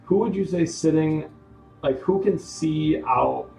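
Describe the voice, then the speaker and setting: A man's voice: on the high side, unhurried, mellow, faint music behind. A man running a tabletop game as game master, narrating casually with frequent restarts, recorded in an echoey room. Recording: echoey room, faint noise.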